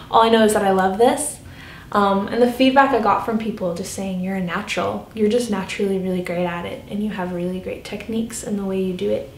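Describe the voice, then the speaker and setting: A young woman telling a personal story in a casual vlog, earnest, animated and chatty. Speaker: vlogger. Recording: echoey room, faint rumble.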